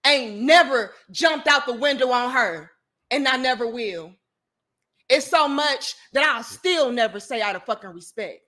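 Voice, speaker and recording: A woman's voice: high-pitched, expressive, measured pace, pushed and bright. A woman venting to her viewers, blunt, profane and openly emotional, talking to them directly. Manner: addresses viewers directly as "y'all". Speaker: vlogger. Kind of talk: venting to the camera.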